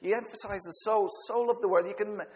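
A male preacher delivers an earnest sermon in a fairly high voice, now and then stumbling and correcting himself. His words ring out with a long reverb, as in a large hall. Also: steady tone, fast, darkish tone, slight background noise. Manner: earnest, with small slips and self-corrections.

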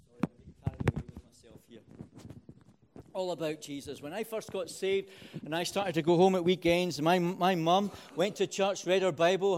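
A man preaching a sermon, starting quiet and building to loud, repeating phrases for emphasis. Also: sits high.

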